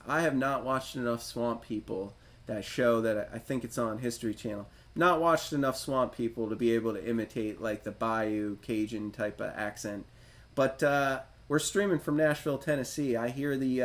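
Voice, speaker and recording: A man hosting a retro gaming livestream, reading a game manual aloud and riffing on it in a chatty, self-deprecating way. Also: medium pitch. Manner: chatty, self-deprecating, reads instructions then riffs on them.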